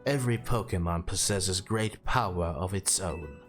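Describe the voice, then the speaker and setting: A man voicing a solemn, towering ancient man from a video game, speaking slowly and formally. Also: sits low, faint music behind, lightly acted. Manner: slow, grave, ceremonious. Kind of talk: reading game dialogue aloud.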